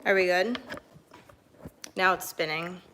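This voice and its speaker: Chatty young woman with a bright voice. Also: on the low side, slow, slight background noise. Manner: chatty and animated, many fillers, laughs often; reads and answers chat messages. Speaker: streamer. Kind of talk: casual chat to stream viewers.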